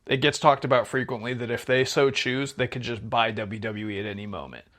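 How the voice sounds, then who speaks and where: A young man with a medium voice co-hosts a casual podcast chat. He talks knowledgeably and at length, filling his pauses with ums and likes. His tone stays easygoing as he explains. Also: medium pitch, fairly bright tone. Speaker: podcast co-host.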